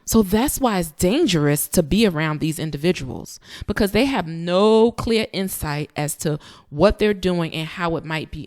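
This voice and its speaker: A woman with a somewhat low voice hosts a reaction commentary. She talks emphatically and addresses her viewers directly, with plenty of asides. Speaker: commentary host.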